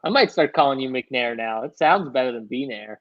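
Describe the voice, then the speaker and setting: A man's voice: mid-range voice, animated, fairly quick, muffled recording. A man co-hosting a show, teasing and bantering casually. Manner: teasing, laughing. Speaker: co-host.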